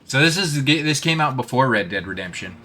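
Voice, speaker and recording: A man's voice: mid-range voice, lively intonation, quick pace, sharp tone. A man giving casual, self-deprecating commentary while streaming a video game and greeting his chat.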